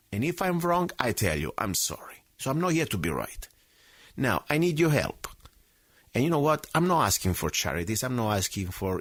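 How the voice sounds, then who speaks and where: A man hosting his own radio talk show, speaking in an impassioned, outspoken monologue that swings from loud emphasis to low asides. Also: no echo.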